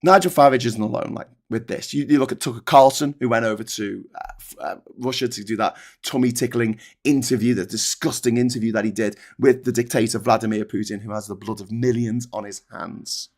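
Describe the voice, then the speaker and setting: A man's voice: mid-range voice, fairly even intonation, fairly quick, a little mellow. A man hosting a political livestream, ranting angrily and sarcastically with plenty of swearing.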